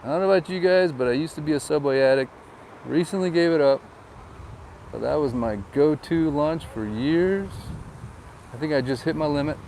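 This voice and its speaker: A man's voice: fairly high pitch, moderate pace, darkish tone, poor audio. A man giving casual, joking tour commentary while driving, filmed on a phone. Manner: chatty, jokey, tells anecdotes. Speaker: real estate agent vlogger. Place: in a car driving outdoors. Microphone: phone camera. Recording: windy outdoor phone recording. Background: wind and traffic noise.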